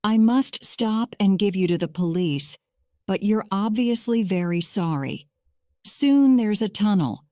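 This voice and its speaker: A woman voicing a kind male train driver in an audio storybook, calm and matter-of-fact. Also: mid-range voice, measured pace, no room sound, studio quality, lightly acted.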